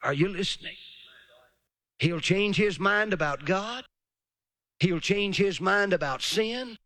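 High-voiced preacher, emphatic. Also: male voice, pushed and bright, no echo. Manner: emphatic, drawn-out pauses, calls for amens. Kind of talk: revival sermon.

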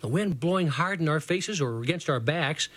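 A middle-aged man reading a children's adventure story aloud in a lively, boyish first-person voice. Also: a little high, normal speed, dry recording.

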